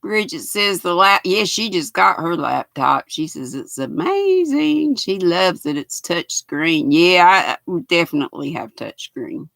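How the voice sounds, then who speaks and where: Older woman in her sixties, Southern US accent, raspy, folksy livestream chatter, bright tone, dry close sound. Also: on the low side, very animated, measured pace, few pauses, no echo. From United States. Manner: chatty, folksy, reads viewer comments aloud. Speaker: knitting livestream host. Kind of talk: casual livestream chat. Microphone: built-in laptop mic.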